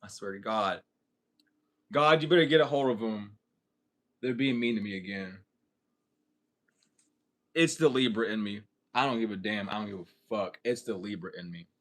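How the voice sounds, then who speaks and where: A man's voice: lowish voice, moderate pace, pauses often. A man answering questions in a casual livestream, joking and rambling with a lot of swearing. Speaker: spiritual content creator answering questions.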